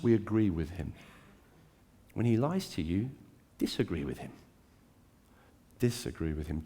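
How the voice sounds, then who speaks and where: A man preaching a sermon to a church, dramatic and swinging between hushed, intimate lines and emphatic climbs. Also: medium pitch. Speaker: pastor.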